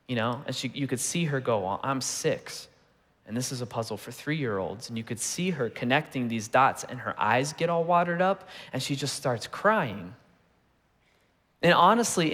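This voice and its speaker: A man in his thirties preaching a sermon in a relaxed, conversational way, telling personal stories with humor. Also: medium pitch, normal speed. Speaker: pastor. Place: church auditorium. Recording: long reverb of a large hall.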